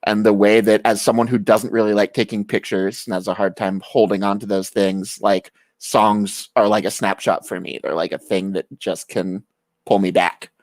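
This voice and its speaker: Deep-voiced man guest, reflective. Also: flat delivery, moderate pace, no echo. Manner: easygoing, reflective, laughs along. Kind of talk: casual chat.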